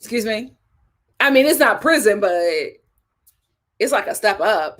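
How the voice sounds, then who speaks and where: Woman, young adult, high voice, live-stream host, casual chat, animated, laughs often. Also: unhurried. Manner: chatty, animated, reads super chats aloud and laughs often. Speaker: live-stream host reviewing a reality show.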